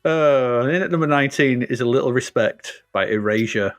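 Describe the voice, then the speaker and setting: A man's voice: medium pitch, moderate pace. A man co-hosting a casual podcast chat, joking and laughing often as he reads out chart entries. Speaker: podcast co-host.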